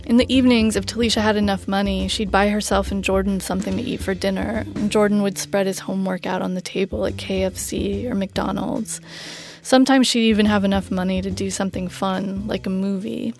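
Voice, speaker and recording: A woman journalist narrating a documentary story in a measured, plain way. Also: mid-range voice, creaky. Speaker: journalist host. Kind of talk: scripted narration.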